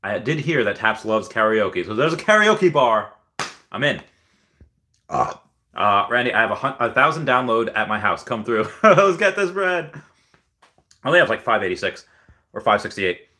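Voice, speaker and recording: A young man hosts a livestream in a lowish, pushed, bright voice with lively intonation and a moderate pace. He reads viewer comments aloud and rambles through self-deprecating stories full of fillers.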